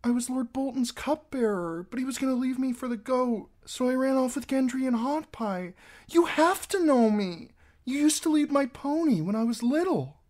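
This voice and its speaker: A man voicing a frightened, fierce young girl who pleads through tears in a high pitch. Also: expressive, moderate pace, a little mellow. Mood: tearful.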